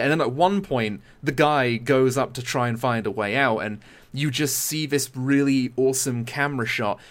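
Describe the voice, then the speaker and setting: Young man telling a horror story animatedly. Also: mid-range voice. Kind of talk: casual chat.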